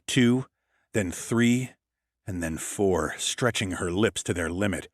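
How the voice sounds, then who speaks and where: A man's voice: deep voice, slow, dry recording. A man reading a first-person story as an audiobook narrator, in a cool, matter-of-fact delivery on a close mic.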